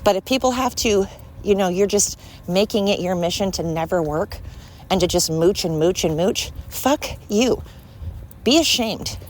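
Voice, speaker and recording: A woman's voice: medium pitch, darkish tone, a little hiss or hum. A woman hosting a solo podcast, ranting in a heated, profane, blunt and scolding way. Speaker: podcast host. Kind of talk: angry solo podcast rant.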